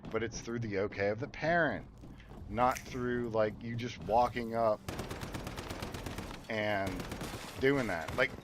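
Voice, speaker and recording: A man's voice: medium pitch, slow pace, pauses often, background noise. A man, a parent, chatting casually and bluntly with heavy swearing while he streams a game. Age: adult parent. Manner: profane, blunt and emphatic. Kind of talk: casual chat while gaming. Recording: game sounds and gunfire behind. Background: game ambience and gunfire.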